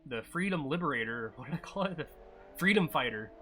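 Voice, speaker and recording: A man casually commentating a live-streamed racing game, chatty and offhand with sudden excited yelps at crashes. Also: fairly high pitch, fairly quick, a little hiss or hum.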